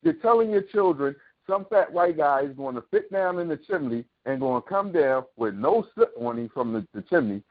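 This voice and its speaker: A man's voice: on the high side, expressive, moderate pace. A man hosting a talk show, delivering a heated, preachy monologue full of sarcastic rhetorical questions and profanity. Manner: impassioned, preachy ranting with profanity. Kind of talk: opinionated monologue. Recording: tinny phone-like sound.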